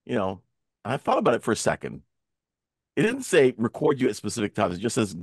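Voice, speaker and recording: A man's voice: medium pitch, huge pitch swings, fast, husky, no echo, studio quality. A man hosting a casual talk show discussion, telling stories animatedly and acting out the voices he quotes, heard over a video call.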